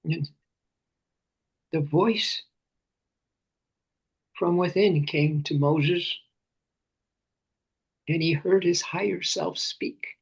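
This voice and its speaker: A man leads a guided meditation in a slow, unhurried voice with a gravelly, very husky texture. He often sinks into breathy whispers and softly repeats phrases and names. His pitch sits a little high for a man. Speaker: meditation teacher.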